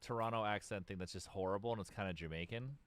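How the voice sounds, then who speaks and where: A man's voice: fairly low pitch, fast, clean tone, no echo. A man co-hosting a podcast in casual chat while playing a video game, stammering and swearing in a laid-back way. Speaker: podcast co-host.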